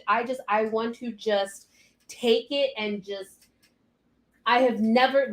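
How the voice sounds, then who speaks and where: A woman's voice: a little high, fairly even intonation, takes it slowly, echoey room, a little hiss or hum. A young woman cake decorator chatting on a live stream, ranting animatedly and cursing freely. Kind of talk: casual live stream chat.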